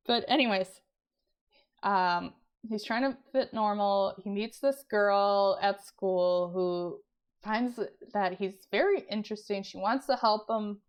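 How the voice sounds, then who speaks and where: Woman, young adult, casual book review chat, slow pace, strained voice, frequent laughs. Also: medium pitch, clear, resonant tone. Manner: chatty, laughs often, rambling restarts. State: losing her voice, clears throat. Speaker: book vlogger.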